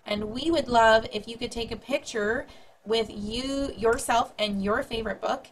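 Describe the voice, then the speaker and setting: A woman's voice: fairly high pitch, unhurried, faint music behind, poor audio. Upbeat woman addressing schoolchildren. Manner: upbeat, speaks warmly to young kids. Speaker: school staff member. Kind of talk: friendly update to schoolchildren.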